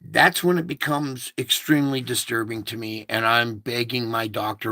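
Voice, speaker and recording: A man's voice: medium pitch, steady tone, moderate pace, few pauses, pushed and bright, dry recording. A man recounting a recurring dream in a rambling, repetitive casual monologue, stopping now and then to fiddle with his equipment.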